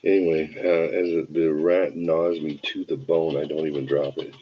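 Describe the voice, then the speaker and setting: A man's voice: extremely low pitch, level tone, moderate pace, husky, lo-fi sound. A tired man hosting a show, telling a rambling, wry, self-deprecating anecdote full of digressions. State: tired from an early start. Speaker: show host. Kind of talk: casual anecdote storytelling.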